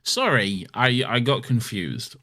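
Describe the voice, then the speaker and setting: A man's voice: mid-range voice, big pitch swings, slow, sharp tone. Laughing blunt Yorkshire man. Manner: blunt, laughing, swears casually. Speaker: podcast co-host. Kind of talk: casual chat.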